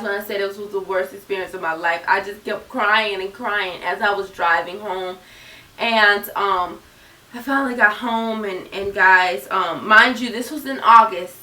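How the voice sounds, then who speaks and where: A woman's voice: medium pitch, sharp tone, far from the mic. A young woman in her twenties telling a personal story straight to her viewers in an earnest, chatty way. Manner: earnest, addresses viewers directly. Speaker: YouTuber. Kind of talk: storytime vlog. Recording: echoey room, mic set back.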